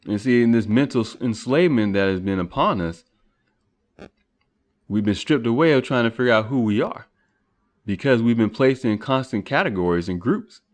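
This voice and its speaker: A man's voice: medium pitch, normal speed. A man hosting a podcast, talking through philosophical questions in a rambling monologue full of rhetorical questions and restarts. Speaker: podcast host.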